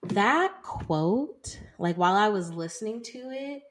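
A woman's voice: medium pitch, expressive, unhurried. A woman in her twenties, co-hosting a casual book chat and chatting with lots of "like" and "y'all.". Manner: chatty, heavy use of "like" and "y'all". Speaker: podcast co-host.

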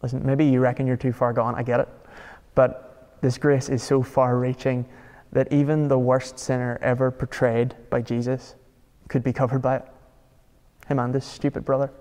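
A man's voice: mid-range voice, level tone, normal speed, darkish tone, in a large hall. A man preaching a sermon in a conversational, emphatic way, asking his listeners rhetorical questions. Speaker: pastor.

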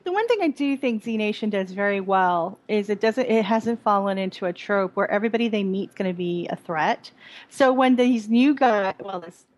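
A woman's voice: medium pitch, dry recording, rough recording. Chatty woman podcast co-host. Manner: chatty, rambling, many "um"s and restarts. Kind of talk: casual chat reviewing a TV episode.

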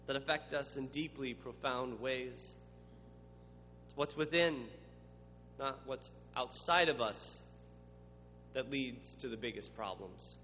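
Man preaching in a reverberant church. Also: a little high. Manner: dramatic voices for quoted questioners, builds to emphatic lists. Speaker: pastor. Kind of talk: sermon. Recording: muffled, with long reverb and faint hum.

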